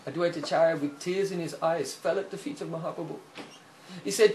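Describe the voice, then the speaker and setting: Animated preacher with roomy echo. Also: male voice, fairly high pitch, a little fast. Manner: animated storyteller, frequent "hmm?" checks, chuckles. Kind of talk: sermon storytelling. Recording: echoey room, faint hiss.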